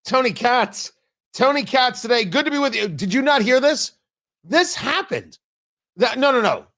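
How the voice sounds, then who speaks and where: A man's voice: extremely high pitch, animated, normal speed, sharp tone. A man hosting a talk radio show, delivering an opinionated monologue with sarcastic, mocking asides from his studio.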